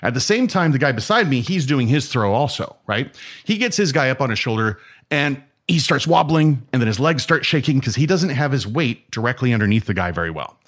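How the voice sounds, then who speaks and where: A man telling martial arts stories in a casual, animated way, acting out dialogue and often asking "right?". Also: mid-range voice, fairly quick. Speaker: martial arts instructor and guest. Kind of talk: casual storytelling.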